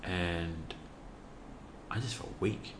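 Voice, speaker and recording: Speaking very slowly in a low voice, this man, a youth worker and podcast guest, shares a personal story with sincerity, stumbling through many fillers and false starts. The sound is roomy, with background noise.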